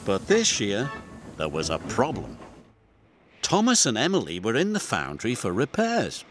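A British man narrating a children's storybook with warm, expressive telling. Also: medium pitch, a little slow. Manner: warm, expressive storytelling with many character voices. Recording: studio voice-over with music underneath.

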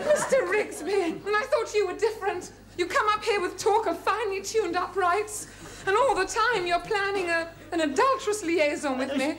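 An actress playing a prim, refined middle-aged spinster, in 1970s studio sitcom style. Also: female voice, very high voice, moderate pace, a bit bright, some chatter behind, a little hiss or hum. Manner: prim, refined, breathy flutter. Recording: 1970s TV clip with audience laughter.

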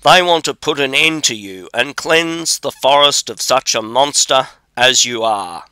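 Bold young drummer guy, fearless and cocky, slow clear bright voice from a man reading it out. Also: medium pitch, no echo. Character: brave, boastful young male drummer.

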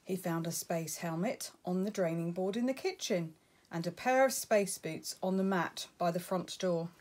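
A woman reading a children's picture book aloud, expressive and lilting. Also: lowish voice, moderate pace, slight background noise. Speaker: storybook reader.

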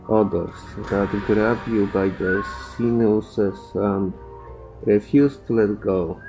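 A man's voice: on the low side, warm tone, rough recording. A man who is not a native English speaker, reading game dialogue and text aloud in a hesitant way, with fillers and restarts.

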